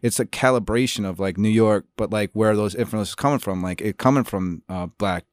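A man with a lower voice chats as a guest actor. He rambles through his stories with plenty of fillers and restarts, and the sound is dry and close. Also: fairly quick, no room sound. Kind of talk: casual interview chat.

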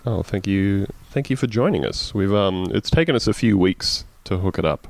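A man hosting a casual comedy podcast, wry and deadpan, sounding tired. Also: deep voice, moderate pace, gravelly. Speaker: podcast host.

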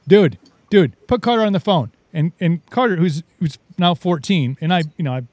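Animated storytelling man, dry close mic. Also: high-pitched, moderate pace, no room sound. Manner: animated storyteller, acts out quotes. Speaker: talk show host. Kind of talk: casual chat.

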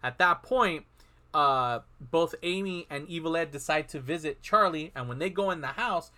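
A man's voice: a little high, moderate pace, bright, forceful tone. A man in casual chat, animatedly retelling a film plot and acting out the characters' lines.

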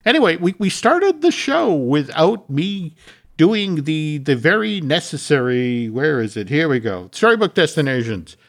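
A man's voice: on the high side, very animated, normal speed. A man hosting a podcast, chatting casually and reading a sponsor message. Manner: conversational, reads sponsor copy. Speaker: podcast host. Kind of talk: casual chat with ad reads.

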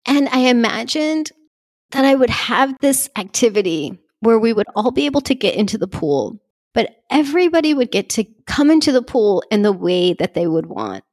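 Emotional woman vlogger, gushing and heartfelt, a touch high-voiced, near tears. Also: sing-song, normal speed, darkish tone. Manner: gushing, heartfelt, tearful at times. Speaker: vlogger speaking to her community. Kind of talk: emotional personal vlog.

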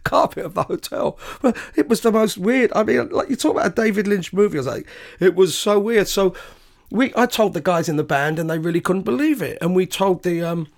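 A man's voice: high-pitched, animated, brisk, creaky. A man hosting his own podcast, telling a rambling tour anecdote with self-corrections and chuckling asides. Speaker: podcast host and bandleader. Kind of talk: casual anecdotal storytelling.

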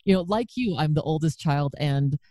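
Woman in her 40s hosting, low-ish voice, chatty, dry recording. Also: lively intonation, moderate pace, dark tone, no echo. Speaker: podcast host. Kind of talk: casual interview chat.

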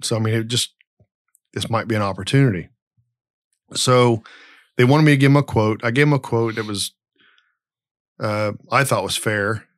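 A man's voice: medium pitch, moderate pace, pauses often, no room sound, clean studio sound. A middle-aged man hosting a podcast, telling a long story in a rambling, blunt and profane way. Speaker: podcast host. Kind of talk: casual podcast chat.

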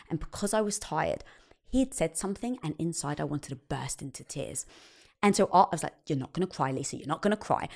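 Animated woman telling a story. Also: low-pitched, gravelly. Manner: animated storyteller who acts out quoted dialogue. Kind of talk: casual conversation.

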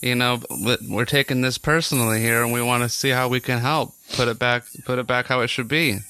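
A man's voice: medium pitch, steady tone, brisk, pushed and bright, a little hiss or hum. A man playing in a tabletop game, speaking in a laid-back, wry way. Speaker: player. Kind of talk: casual tabletop play.

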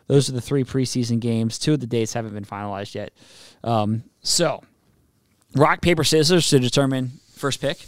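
A man's voice: medium pitch, normal speed, no room sound, studio quality. A man co-hosting a sports podcast, reading sponsor spots and teasing his partner in casual banter. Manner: reads ad copy, teasing, laughs often. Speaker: podcast co-host.

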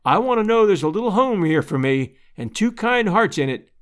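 A man's voice: high-pitched, sing-song, normal speed, fairly bright tone. A man voicing a kind, jovial returned westerner with folksy rural speech in a storybook reading. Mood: warm.

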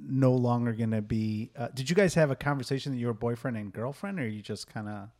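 A man hosting a casual podcast in a voice of ordinary pitch. He jokes with his guest and keeps prompting her with quick questions. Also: darkish tone. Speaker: podcast host.

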